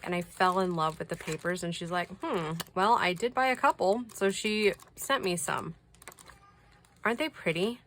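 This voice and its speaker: A woman chatting casually as she shows off crafty mail from subscribers, gushing over each piece and sometimes dropping to a whisper. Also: lowish voice. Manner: gushing, soft-spoken, drops to whispers. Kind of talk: casual chat.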